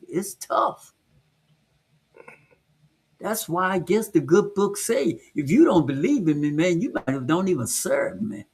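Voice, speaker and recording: Emphatic husky man. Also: fairly high pitch. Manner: emphatic, repeats key words. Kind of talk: casual chat.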